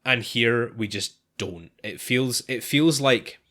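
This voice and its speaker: A man's voice: mid-range voice, slow pace, bright, forceful tone. A man co-hosting a podcast in casual chat, talking hesitantly with frequent restarts and sighs. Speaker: podcast co-host.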